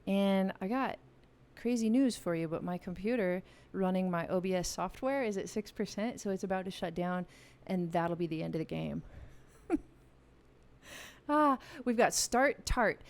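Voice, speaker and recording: A woman's voice: medium pitch, normal speed. Playful, chatty woman hosting a live online game, talking straight to viewers on a studio mic. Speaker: music channel host running a live game. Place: home music room with a piano. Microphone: studio vocal mic.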